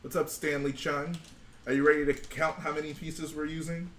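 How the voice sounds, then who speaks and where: A man's voice: a little high, flat delivery, normal speed, a bit bright, distant mic. A young man hosts a casual livestream and keeps up a playful, goofy running chat. He sits away from the mic in an echoey room. Faint noise hums behind him. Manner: playful, does goofy bits. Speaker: stream host and builder.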